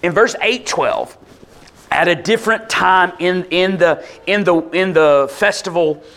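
A man preaching a conversational sermon, explaining a passage in lively, casual speech and acting out quoted voices. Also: sits high, unhurried. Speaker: pastor.

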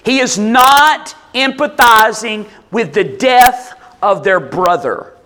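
A man's voice: high voice, animated, slow pace, sharp tone. A male pastor preaching a conversational, expository sermon, firing rhetorical questions at the congregation.

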